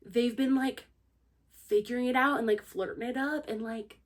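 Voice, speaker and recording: A woman's voice: a little high, steady tone, normal speed. A young woman giving a casual spoiler-filled book review, gushing and acting out the characters' lines with lots of "like". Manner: peppers her speech with "like".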